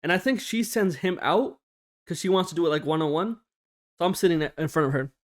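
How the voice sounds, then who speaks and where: High-voiced young man telling a story. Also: a little fast. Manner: animated, swearing, slangy, acts out quotes. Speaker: storytime YouTuber. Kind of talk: casual storytime.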